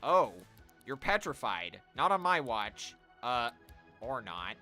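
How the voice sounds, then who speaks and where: A man's voice: medium pitch, very animated, slow, sharp tone, faint music behind. Man chatting through a game stream. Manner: chatty, talking to viewers while playing. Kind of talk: casual live-stream commentary.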